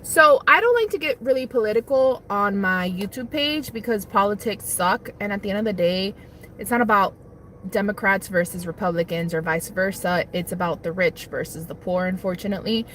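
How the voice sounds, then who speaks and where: A young woman chats loosely with her viewers while eating lunch, her talk wandering and unhurried. She speaks into a phone, with a faint hum of noise underneath. Her pitch sits in an ordinary middle range. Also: a bit bright. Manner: chatty, rambling, eats while talking. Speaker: livestream host. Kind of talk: casual livestream chat while eating lunch. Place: parked car on lunch break.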